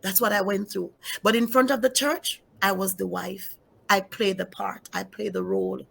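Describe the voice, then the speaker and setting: A woman's voice: medium pitch, steady tone, normal speed, gravelly, a bit bright, slightly rough. A middle-aged woman pastor telling her personal testimony in an interview, emphatic, repeating key phrases and speaking straight to her listeners.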